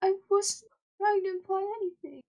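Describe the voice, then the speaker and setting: A woman's voice: extremely high pitch, normal speed, a little mellow. A woman voicing a timid, awkward young character in an amateur online audio drama, hesitant and stammering.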